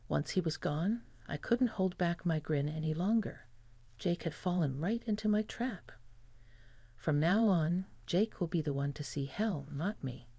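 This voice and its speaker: Gravelly woman narrating a story. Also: deep voice, warm tone, no room sound. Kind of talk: scripted narration of a revenge story.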